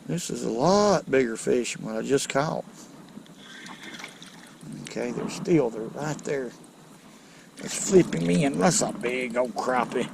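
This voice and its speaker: A man hosting a casual fishing vlog from a boat on a river, folksy and excitable as he talks to viewers. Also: mid-range voice, takes it slowly, creaky, long pauses, background noise. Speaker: fishing channel host.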